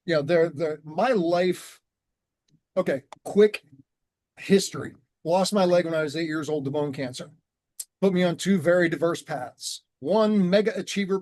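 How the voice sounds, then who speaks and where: A man telling his story in an earnest, measured way and slowing down on key words, as a guest on a conversational show. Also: fairly high pitch, a little mellow, no room sound. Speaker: guest, transformation coach.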